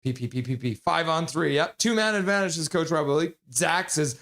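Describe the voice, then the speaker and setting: Man, fairly high voice, casual live play-by-play, jokey, chats with viewers, gets loud on big plays. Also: brisk, hardly any pauses. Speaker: streamer calling the game live.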